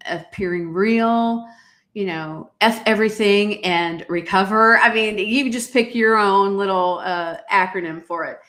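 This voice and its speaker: A middle-aged woman hosting a live-streamed motivational podcast. She talks emphatically and repeats her key lines the way a preacher does. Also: mid-range voice. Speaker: podcast host.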